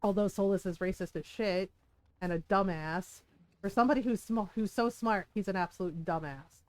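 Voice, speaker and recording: A woman's voice: fairly high pitch, clear, resonant tone, no room sound. A woman streamer telling a rambling story in casual chat while she plays, giggling often. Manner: chatty, giggly, rambling with restarts. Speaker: game streamer.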